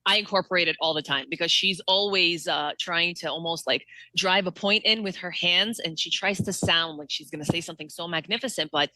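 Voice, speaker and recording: A woman impressionist in an interview, calmly explaining how she builds an impression. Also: fairly low pitch, a little fast, few pauses, dry recording, poor audio. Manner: explanatory, analytical. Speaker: impressionist guest. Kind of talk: interview answers.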